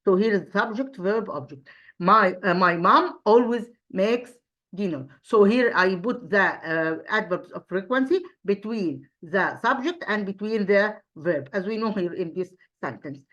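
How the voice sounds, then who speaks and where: A woman teaching an English grammar review lesson, pausing often and repeating herself, asking rhetorical questions as she goes. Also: mid-range voice, fairly bright tone, lo-fi sound. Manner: hesitant, frequent fillers and restarts.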